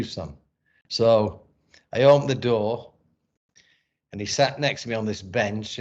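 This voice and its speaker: A middle-aged man recounts a personal story in a relaxed interview. His voice sits fairly low, and he talks candidly and emotionally, restarting sentences and swearing freely. The recording is dull and lo-fi. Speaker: podcast guest, former boxer and actor. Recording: dull lo-fi sound.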